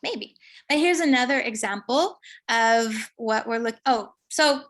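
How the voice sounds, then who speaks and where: A woman giving an online lecture, explaining slowly and thinking aloud with fillers. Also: fairly high pitch, a bit bright.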